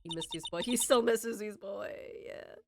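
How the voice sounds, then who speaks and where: A woman's voice: medium pitch, normal speed, gravelly, darkish tone. A woman streamer giving casual, chatty commentary while playing a story game, reacting emotionally as she goes. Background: game music.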